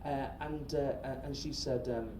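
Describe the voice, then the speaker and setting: A middle-aged man, a stand-up comedian telling a story on stage to a live audience in a chatty, animated way, swearing freely and often checking in with the crowd. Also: mid-range voice, moderate pace. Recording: roomy live-venue recording from a distance. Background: audience laughter and crowd noise.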